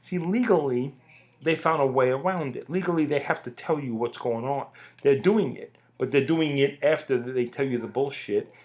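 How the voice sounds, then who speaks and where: A man's voice: mid-range voice, normal speed. A middle-aged man in a casual ranting monologue, blunt and profane, hammering his points home by repeating them. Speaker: podcast host.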